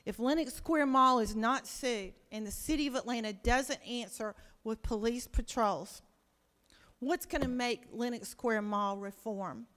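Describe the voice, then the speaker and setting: A woman speaks from the floor of a large legislative chamber, and the long reverb of the room trails behind her. Her voice sits a little high as she presses her case emotionally with one rhetorical question after another. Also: fairly bright tone. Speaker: state senator. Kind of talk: impassioned floor speech.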